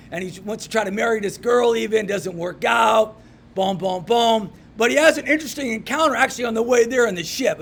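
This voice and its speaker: A man giving a storytelling devotional talk to a men's group in a pub, animated and swinging from loud emphasis to hushed asides. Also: sits high, slight background noise. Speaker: men's ministry speaker. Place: pub room.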